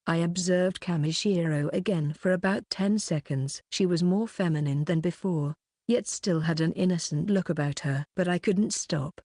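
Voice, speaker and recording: Low-voiced woman narrating a novel. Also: normal speed, warm tone, dry recording, studio quality. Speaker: audiobook narrator. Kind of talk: scripted narration.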